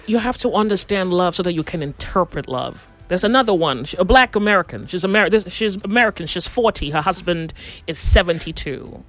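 Animated woman telling gossip stories. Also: fairly low pitch, brisk, soft background music. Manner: animated gossipy storyteller, acts out quotes. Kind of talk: casual chat, storytelling.

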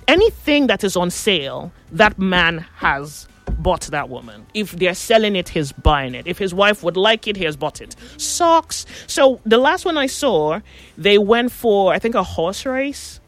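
A woman's voice: mid-range voice, unhurried, faint music behind. A woman chatting casually, telling gossipy stories and acting out what people said. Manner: animated gossipy storyteller, acts out quotes. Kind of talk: casual chat, storytelling.

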